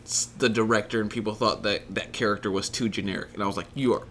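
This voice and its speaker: A man co-hosting a casual podcast about a movie, expressive and swearing freely. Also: fast, a little hiss or hum. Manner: expressive, swearing freely, with lively swings in pitch. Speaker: co-host.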